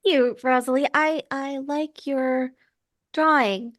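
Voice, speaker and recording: A woman's voice: high-pitched, fairly even intonation, takes it slowly, no echo, clean studio sound, voice pushed up. A woman playing a sweet amateur magician. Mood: friendly.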